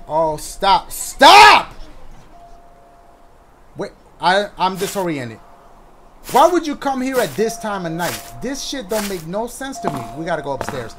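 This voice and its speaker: Man, high voice, swings wildly in pitch, excitable, shouting game commentary, music behind. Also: moderate pace. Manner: loud, excitable, shouting reactions and running jokes. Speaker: gaming YouTuber. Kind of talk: horror game let's play commentary.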